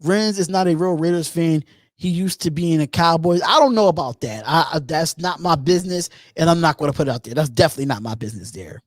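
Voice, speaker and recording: Call-in show host from Philadelphia, male, high voice, lively and repetitive, dry mic. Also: fast, no room sound. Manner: animated, repeats himself, reads and answers chat questions. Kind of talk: live call-in show chat.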